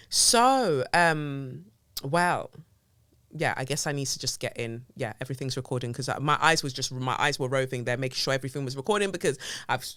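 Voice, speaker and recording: Bright, chatty woman podcaster. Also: a bass voice, smooth, no echo, clean studio sound. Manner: chatty, digressive, playful. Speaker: podcast host. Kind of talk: casual solo podcast chat. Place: home office with window blinds up. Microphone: mic on a stand close to her face.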